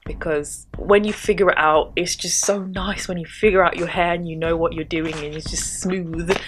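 A woman's voice: on the low side, steady tone, normal speed, slight background noise. A woman chatting casually about hair care tools, with rambling, self-deprecating asides. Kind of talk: casual chat.

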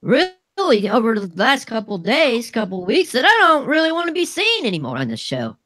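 A man's voice: very high voice, wildly swooping pitch, normal speed, bright, forceful tone. A man co-hosting a crude comedy show, brash and mocking, swearing freely. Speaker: co-host.

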